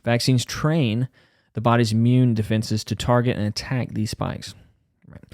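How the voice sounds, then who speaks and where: Male host, mid-pitched, reads news deadpan with snarky asides; very dry, close sound. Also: no room sound. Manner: sarcastic, mocking, deadpan. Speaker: podcast host. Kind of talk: reading news aloud with sarcastic asides.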